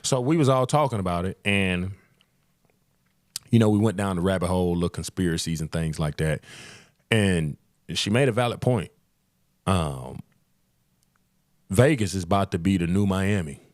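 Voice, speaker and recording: Host, easygoing and cocky, low voice, dry close mic. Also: male voice, expressive, moderate pace, long pauses, darkish tone, dry recording. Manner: boastful, laid-back banter with laughs. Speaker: show host. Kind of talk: casual sports chat.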